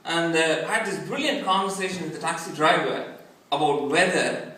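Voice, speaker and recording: A middle-aged man from India doing a stand-up comedy set with self-mocking, deadpan punchlines. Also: a little high, moderate pace. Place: large echoey performance hall. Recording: echoey hall, distant, noisy.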